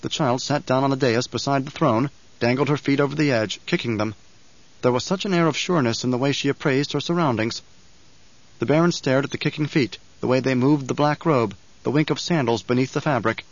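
A man narrating an audiobook in a measured, even storytelling manner. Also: medium pitch, dry recording. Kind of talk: scripted narration. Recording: dry, slightly dull audiobook recording.

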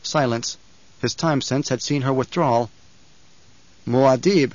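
A man narrating an audiobook in a steady, deliberate way. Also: mid-range voice, dry recording, dull audio. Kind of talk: scripted narration.

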